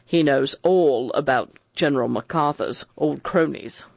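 A man's voice: mid-range voice, creaky, dry recording, lo-fi sound. A man voicing a precise, cold elderly judge who chooses his words with care. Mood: calm reasoning. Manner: measured, picks words with care.

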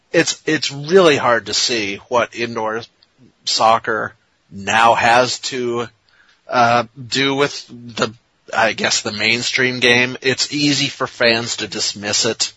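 Husky-voiced man in wry sports chat. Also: medium pitch, sharp tone, no room sound, rough recording. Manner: rambling, halting, wry. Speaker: soccer podcast co-host. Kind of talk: casual sports talk.

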